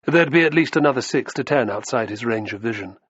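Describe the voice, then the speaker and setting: A man narrating an audiobook with a dramatic, expressive reading. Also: medium pitch, a little fast, slightly rough, dry recording. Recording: dull lo-fi dry recording.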